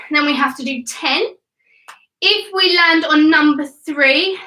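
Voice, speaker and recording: A woman's voice: high voice, pushed and bright. A woman, coaching a kids' home workout class in an upbeat, encouraging way and counting reps aloud. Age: 20s. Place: room at home. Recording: echoey room, mic at a distance.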